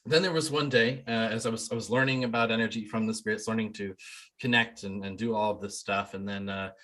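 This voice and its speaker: A man with a bright, forceful voice, slightly low in pitch, recounts his experiences in a loose, rambling way. He fills his speech with ums and restarts and perks up when he quotes other people. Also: steady tone, a little fast. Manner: acts out quoted people in a livelier voice. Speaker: shamanic healer, interview guest. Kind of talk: casual storytelling.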